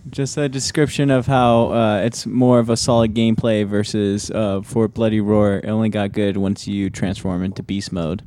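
A man's voice: fairly low pitch, level tone, moderate pace, hardly any pauses, dark tone. A man on a gaming podcast, laid-back and hesitant in casual chat. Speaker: podcast co-host.

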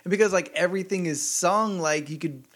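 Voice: mid-range voice, fairly quick. A speaker in casual chat, making dry, teasing quips.

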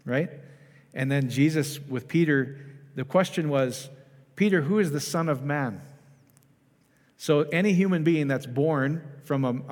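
A man's voice: medium pitch, darkish tone. A man preaching a casual, conversational sermon, often asking the congregation questions and restarting his sentences. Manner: chatty, asks the congregation questions, many restarts. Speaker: pastor. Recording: long hall reverb.

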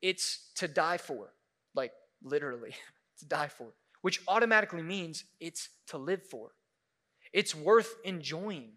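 A young male pastor gives a sermon in an easygoing, chatty way, with lots of "like"s. His voice sits high and bright. He acts out the reactions of his stories. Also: measured pace. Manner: casual and animated, many "like"s, acts out reactions.

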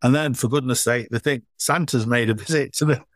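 Man telling warm anecdotes in a dry, close recording. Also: medium pitch, fairly quick, no room sound. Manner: anecdotal, acts out children's voices in his stories. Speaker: charity foundation chief executive, guest. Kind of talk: relaxed interview storytelling.

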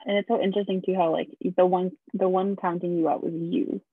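Brief: woman, husky voice, encouraging podcast co-host, tinny recording. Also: lowish voice, flat delivery, a little fast, dry recording. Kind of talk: casual chat.

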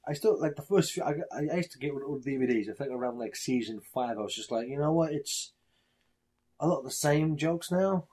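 A man's voice: medium pitch, lively intonation, brisk, darkish tone, breathy edge. A man in casual chat, rambling bluntly through his opinions and swearing freely.

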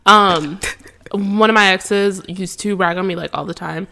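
A woman's voice: medium pitch, unhurried, creaky, pushed and bright. A young woman co-hosting a podcast, talking casually with lots of fillers and frequent laughter. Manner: chatty, many fillers, laughs often. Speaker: podcast co-host. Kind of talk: casual chat. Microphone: headphones and mic.

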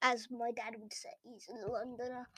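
A woman's voice: a little high, little pitch movement, fairly bright tone, breathy edge, dry recording. An English woman hosting a reaction video, ranting casually in a sarcastic, mocking way. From England. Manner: sarcastic and mocking, quick rants.

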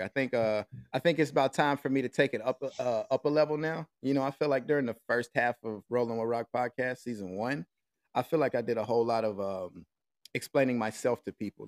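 American man, podcast host, relaxed slangy talk, mid pitch, dry close mic. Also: no echo. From United States. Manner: laid-back, slangy, thinks aloud with many fillers. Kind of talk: casual podcast chat. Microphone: remote call with a mixer.

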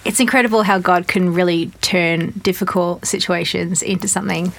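A woman's voice: lowish voice, fairly even intonation, normal speed, vocal fry, fairly bright tone. A woman hosting an interview, gushing in her manner. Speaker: interview host. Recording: music playing underneath. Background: music.

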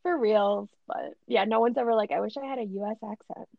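A woman's voice: on the high side, fairly quick, creaky, dry recording, lo-fi sound. A young woman with a Minnesotan accent in a casual podcast chat, upbeat and agreeable, laughing easily.

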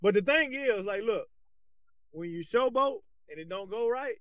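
A man's voice: high voice, moderate pace, no echo. A man co-hosting a podcast, talking casually and animatedly about coaching, with loose restarts. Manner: animated, colloquial, restarts often. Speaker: podcast co-host, basketball coach.

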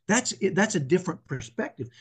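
A man's voice: sits high, big pitch swings, fairly quick, slightly rough. A man speaking as a guest in a faith interview, earnest and emphatic, often repeating himself as he makes his point. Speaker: podcast guest.

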